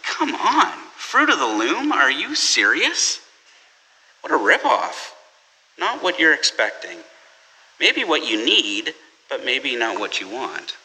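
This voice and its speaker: A man's voice: fairly high pitch, pushed and bright. A man preaching a sermon in a conversational storytelling way, with restarts. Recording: long hall reverb.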